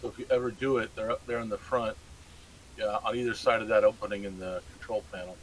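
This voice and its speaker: A man's voice: lowish voice, steady tone, fast talker, fairly bright tone, slight background noise, rough recording. Man giving firm raid advice on voice chat. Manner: practical, giving firm reminders. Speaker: raid member adding advice. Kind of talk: game tactics on voice chat.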